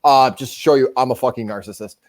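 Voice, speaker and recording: A man's voice: medium pitch, quick pace. A man from New Hampshire hosting a casual livestream, profane, joking and boastful. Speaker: livestream host.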